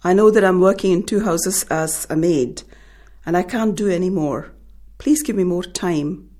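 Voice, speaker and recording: A woman's voice: on the low side, normal speed, mellow, close to an everyday voice. A woman reading aloud, voicing a desperate widowed mother pleading for more time and help. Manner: pleading, shaky.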